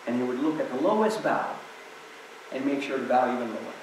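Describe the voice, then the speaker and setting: A man's voice: mid-range voice, animated, brisk, noisy background. Man speaking in a very echoey hall. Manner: storytelling, conversational with many asides. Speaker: guest speaker. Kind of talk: inspirational talk. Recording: very echoey hall, distant mic.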